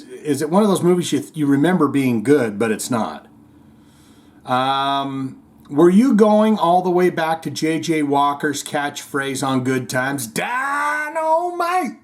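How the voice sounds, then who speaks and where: A man hosting a podcast, chatting casually and rambling through listener comments, chuckling often. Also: on the high side. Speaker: podcast host.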